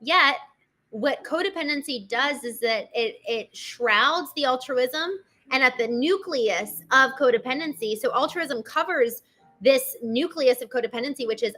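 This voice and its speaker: A woman's voice: high voice, a little slow, sharp tone. A woman hosting a solo talk show, speaking earnestly and conversationally, often addressing her listeners directly. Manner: earnest, conversational, with many restarts and asides to listeners. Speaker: host.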